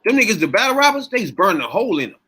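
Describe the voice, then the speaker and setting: A man hosting a casual podcast chat, telling the story in an animated way and steering the topic. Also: sits high, racing, breathy edge.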